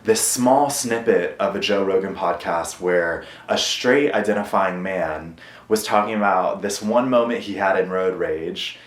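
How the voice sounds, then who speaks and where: A man talks straight to his camera at home in a candid, confessional monologue, earnest and hard on himself, with frequent swearing. His voice sits a little low, and the room gives it a noticeable echo. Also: measured pace, hardly any pauses. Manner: earnest and self-critical, swearing often. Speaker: vlogger.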